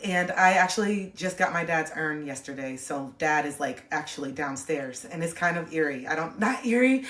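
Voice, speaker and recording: A woman's voice: lowish voice, distant mic. A woman hosting a casual livestream, rambling and confiding, full of "like" fillers. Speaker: livestream host. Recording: echoey room, voice a bit off-mic.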